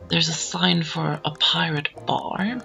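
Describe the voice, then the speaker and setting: A woman chatting casually over her gameplay, rambling with plenty of fillers. Her voice is bright with a strong vocal fry. Faint game music plays behind her. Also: low voice, fairly even intonation, takes it slowly. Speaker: gameplay commentator. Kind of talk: casual let's-play commentary. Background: game audio.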